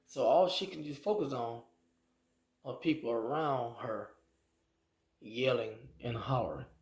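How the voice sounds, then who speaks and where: A man preaching a sermon as a slow, drawn-out story with folksy grammar. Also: medium pitch, darkish tone, reverberant.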